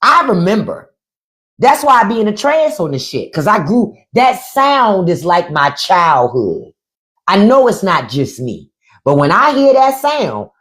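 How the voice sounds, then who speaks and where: A woman hosting a live stream in casual comedic chat, loud and playful, swearing and swinging her voice from high to low. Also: sing-song, unhurried. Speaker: podcast host on a live stream. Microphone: phone or desk mic on a live stream.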